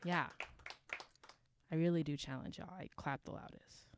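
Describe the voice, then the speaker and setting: A woman's voice: deep voice, steady tone, normal speed, clean tone, no room sound. A young adult woman performing spoken word poetry at an open mic, with rhythmic, emphatic delivery and call and response with the crowd.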